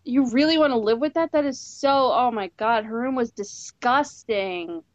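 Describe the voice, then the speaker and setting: Animated laughing woman, high voice. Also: normal speed, no room sound, dull audio. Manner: animated, laughs often, blunt and profane. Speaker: podcast co-host. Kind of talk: casual group chat.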